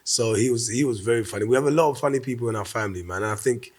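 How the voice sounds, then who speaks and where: Sex: man. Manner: relaxed and reflective. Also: mid-range voice, racing. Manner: reflective, relaxed, restarts words mid-thought. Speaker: comedian interviewed as guest. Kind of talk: casual interview.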